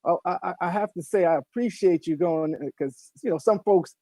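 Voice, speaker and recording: A man hosting a radio show, wrapping up an interview in a relaxed, halting way. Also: high-pitched, no echo. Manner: relaxed, halting, with fillers and restarts. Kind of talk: casual interview chat.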